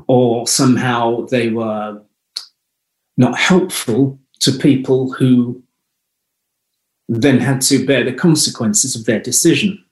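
A man's voice: medium pitch, fairly even intonation, takes it slowly, long pauses, reverberant, low-quality recording. A man from the United Kingdom, a guest on an interview show, telling reflective personal stories in a conversational way. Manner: reflective, anecdotal storyteller. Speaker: guest, holistic health clinic founder.

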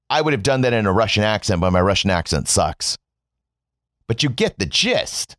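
A man delivers a biting political rant, swearing freely and mocking as he goes. His pitch swings widely from low grumbles to high jabs. The recording is dry and close, with no room sound. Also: sing-song, normal speed, fairly bright tone, dry recording. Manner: mocking, sarcastic, emphatic swings in tone. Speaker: commentator.

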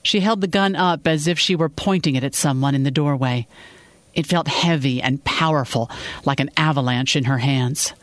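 A narrator reading a fiction episode in calm, steady storytelling. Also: mid-range voice, normal speed, no room sound.

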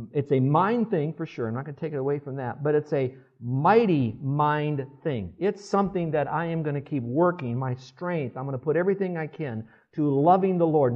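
A man in his sixties, a pastor, preaching a sermon in a conversational way and asking the congregation to respond. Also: medium pitch. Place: church service. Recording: dull lo-fi sermon recording.

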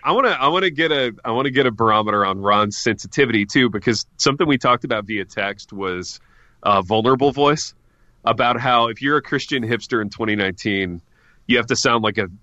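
A man's voice: medium pitch, fairly quick, sharp tone, no room sound. A man co-hosting a podcast in casual comedic banter, joking and calling his co-hosts "baby". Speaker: podcast co-host. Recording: dull, lo-fi dry sound.

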